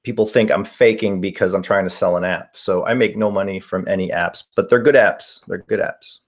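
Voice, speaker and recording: A man in his forties hosts a relaxed paranormal live stream, his low-pitched voice fairly even in intonation and a little fast. He reads chat questions aloud and rambles through the answers with lots of fillers.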